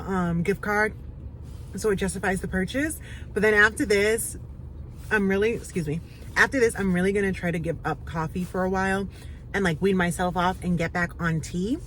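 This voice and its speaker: Chatty woman vlogging, mid-pitched voice. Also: a little fast, fairly bright tone, a little hiss or hum, rough recording. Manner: chatty and upbeat, with frequent "um" and "like". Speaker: small business owner vlogging. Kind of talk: casual vlog chat.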